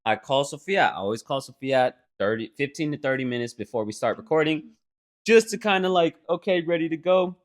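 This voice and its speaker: A man's voice: on the high side, brisk. A young man co-hosting a podcast, telling a story in casual chat, swearing a lot and mimicking others. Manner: profane, animated storytelling with mock voices. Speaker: podcast co-host.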